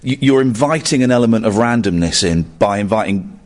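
A man who hosts a late-night phone-in radio show, chatting eagerly with a guest and laughing easily. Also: lowish voice. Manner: animated, eager, quick to laugh. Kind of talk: casual interview chat.

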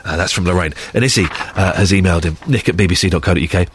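A man's voice: sits low, racing, slight background noise. A man filling in as a radio presenter, chatty and joking at his own expense, sounding a bit bunged up, speaking into a studio microphone. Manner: chatty, joking, self-deprecating. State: congested, bunged up. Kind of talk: casual radio links.

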